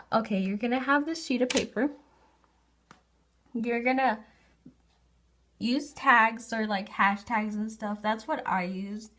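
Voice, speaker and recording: A teenage girl talks through debate tips in a casual, unscripted way. She restarts often and uses informal slang. Her voice sits a little high. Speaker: student debater giving tips. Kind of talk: casual unscripted how-to talk.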